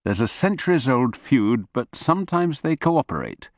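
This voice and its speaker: A man's voice: medium pitch, big pitch swings, normal speed, no echo, studio quality, pitched above the performer's own voice, natural voice. A man voicing a wealthy, worldly middle-aged man with a Corsican accent, explaining things in a matter-of-fact way.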